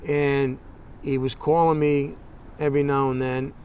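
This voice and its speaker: A man's voice: medium pitch, flat delivery, measured pace, a little mellow, a little hiss or hum. A man interviewed as a state representative for a documentary, telling a story bluntly and with animation.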